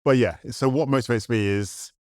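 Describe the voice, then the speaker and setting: A man's voice: medium pitch, moderate pace, no room sound, studio quality. A man in casual chat as a podcast co-host, reflective, picking up speed when he makes a point.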